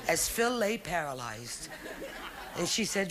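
A woman's voice: medium pitch, expressive, a little fast, noisy background. A middle-aged woman doing a bawdy stand-up routine, talking straight to the audience. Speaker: stand-up comedian. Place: theater stage with a live audience. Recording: 1970s TV special, loud crowd laughter.

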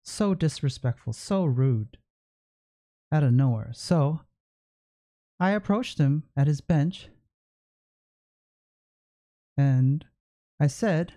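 A man's voice: fairly high pitch, expressive, slow pace, long pauses, mellow. A man telling a personal story to the camera with emphatic repetition. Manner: emphatic, repeats himself. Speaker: vlogger. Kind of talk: storytelling vlog.

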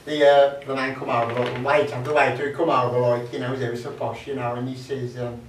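A man's voice: medium pitch, little pitch movement, fairly quick, a little hiss or hum. A man at a folk club telling rambling comic anecdotes, chatty and jokey with lots of fillers. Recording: echoey room, mic from far off.

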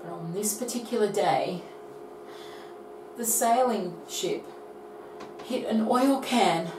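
A woman teaches phonics to young children, telling a story and coaxing them to join in, speaking slowly in a medium-pitched voice. The background is noisy, and the recording has a roomy echo from a distance.

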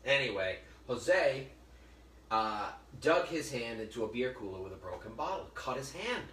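A middle-aged man leads a relaxed cooking demonstration, joking with the audience and wandering into stories. His voice sounds set back from the mic in an echoey kitchen. A faint room hum sits underneath. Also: medium pitch, normal speed, distant mic. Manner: chatty storyteller, jokey asides to viewers. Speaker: cooking show host.

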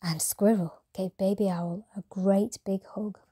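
A woman calmly reading a bedtime story aloud as storyteller. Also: medium pitch, unhurried, husky. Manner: calm, gentle reading.

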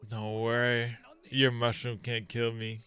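A man hosting a reaction video, talking heartfelt and slang-heavy, swinging from quiet reflection to loud exclamations. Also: medium pitch, completely flat delivery, measured pace, smooth, soft background music. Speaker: reaction channel host. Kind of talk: reacting to an anime.

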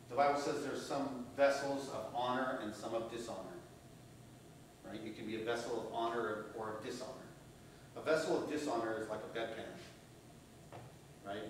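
A male pastor preaching a sermon, rising to loud emphasis and dropping to hushed tones, often asking "right?". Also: medium pitch, far from the mic. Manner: asks the congregation "right?" often. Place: church hall. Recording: very echoey room, voice from off-mic, faint hum.

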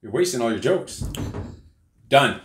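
A man's voice: medium pitch, expressive, measured pace, slight background noise. A man hosting a casual live show with his kids, joking and swearing freely. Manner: profane, joking, loud bursts. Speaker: podcast host and father.

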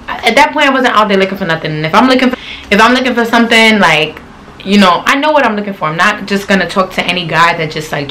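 Young New woman, storytime vlog host, blunt slangy delivery, mid-pitched voice with faint noise behind. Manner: animated, slangy, blunt and profane. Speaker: channel host.

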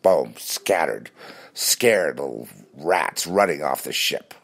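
A man talking in a rambling, animated casual monologue with many restarts. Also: a bass voice, takes it slowly, gravelly.

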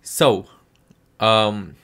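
A man's voice: fairly low pitch, very slow, a bit bright, smooth. A Filipino man with a Filipino accent giving a casual spoken review, hesitant and full of ums and restarts. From Philippines. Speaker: show reviewer.

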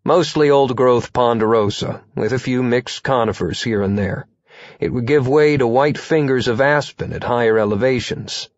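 A man's voice: mid-range voice, moderate pace, lo-fi sound. A man reading a first-person audiobook in a wry, conversational manner. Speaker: audiobook narrator.

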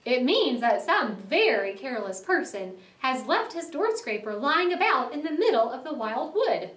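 A woman voicing a fussy, put-upon male mole with a high, whiny manner, read aloud for a class. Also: sing-song, moderate pace, a bit bright, roomy sound, far from the mic. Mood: plaintive.

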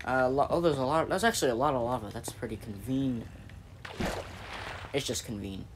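A man's voice: medium pitch, brisk, background noise. Brief: male gaming host, chatty rambling commentary, pun-happy, restarts his sentences, faint keyboard clicks behind. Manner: rambling, jokey, self-interrupting. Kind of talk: gameplay commentary.

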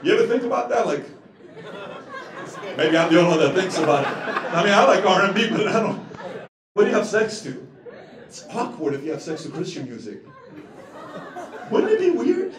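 A man's voice: high voice, fairly quick, pauses often, crowd noise. A man in his thirties, hosting a casual, joking talk to a small group about self-control. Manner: animated, joking, puts on voices. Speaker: entrepreneur host. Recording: echoey room, mic far off.

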